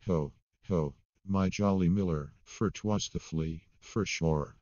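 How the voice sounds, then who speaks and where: A man reading a comic ballad aloud in a steady storytelling manner. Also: sits low, slow pace, hardly any pauses, no room sound, dull audio. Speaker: poetry reader.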